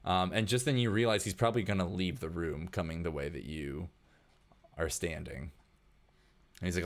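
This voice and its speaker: A man narrating as game master in a tabletop game, talking casually with many fillers. His voice is deep and low. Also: moderate pace, long pauses.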